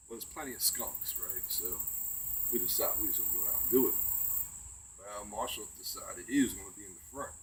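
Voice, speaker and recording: An older man with a drawl rambles through folksy tales, his voice swinging widely in pitch. He sits back from the mic outdoors at night. Crickets chirp faintly behind him. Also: lively intonation, fairly quick, recorded from a distance, a little hiss or hum, poor audio. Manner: rambling folksy yarn-spinning with tag questions. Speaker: storyteller. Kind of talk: casual outdoor chat, telling old tales.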